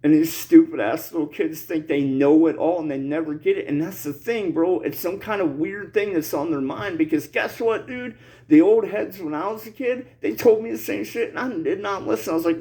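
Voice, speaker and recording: A man's voice: a little high, moderate pace, warm tone, rough recording. A man in his forties delivering a heated, profane vlog rant, rambling and repeating himself, peppering every line with "bro" and "dude.". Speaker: vlogger.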